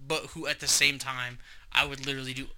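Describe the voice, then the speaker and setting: A man's voice: mid-range voice, flat delivery, fairly quick, pushed and bright. Profane, rambling man on a noisy podcast. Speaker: podcast co-host. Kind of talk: casual chat, storytelling.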